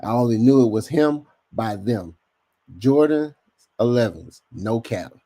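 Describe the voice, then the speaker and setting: A man with a medium-pitched, unhurried voice hosts a laid-back podcast livestream. He's animated and full of slang, talking right to his chat.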